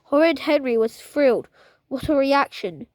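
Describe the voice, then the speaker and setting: Female storytime reader, high voice, lively, trips over a word here and there. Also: normal speed, dry recording, rough recording. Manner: lively reading with frequent stumbles and restarts. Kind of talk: children's book read-aloud.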